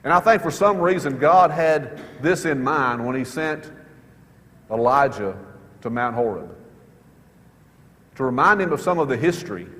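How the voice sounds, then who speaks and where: A man preaching a sermon in church, earnest, repeating his key questions and slowing down to stress words. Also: medium pitch, fairly bright tone, long reverb tail. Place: church sanctuary.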